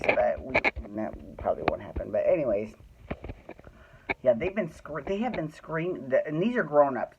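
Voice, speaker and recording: At home, a woman hosts a soap opera recap podcast, venting casually, swearing freely and ranting in exasperation. Her voice is deep, the highs are cut off, and there's noise in the background.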